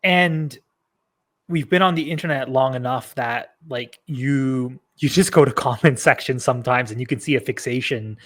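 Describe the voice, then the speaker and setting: A man in casual chat about a movie trailer, relaxed, laughing easily and swearing now and then. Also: medium pitch, moderate pace. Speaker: podcast guest.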